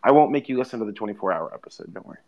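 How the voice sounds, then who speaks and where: A man's voice: on the low side, lively intonation, very fast, muffled recording. A man hosting a podcast, talking in a loose, rambling way with plenty of fillers. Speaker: podcast host. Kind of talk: casual chat.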